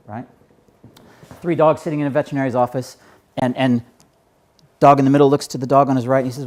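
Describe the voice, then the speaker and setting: A man's voice: mid-range voice, fairly even intonation, fast talker, a little mellow. A man giving a keynote on public speaking to a live audience, conversational and often checking in with "right?". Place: stage before a live audience.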